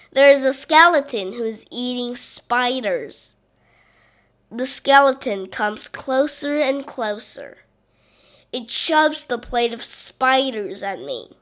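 A woman reading a children's Halloween picture book aloud, slow and expressive, with playful sound effects. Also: on the high side. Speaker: storybook reader.

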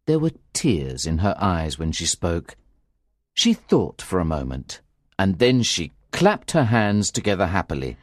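A man narrating a graded reader story in a slow, clear and expressive way. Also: deep voice, no echo, clean studio sound. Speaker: audiobook narrator.

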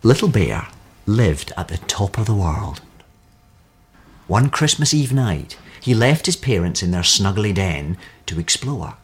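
A man reading a children's story aloud, his voice low and a little husky. He tells it expressively, with a lively, swooping pitch that rises and falls to act out the scenes. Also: a little slow.

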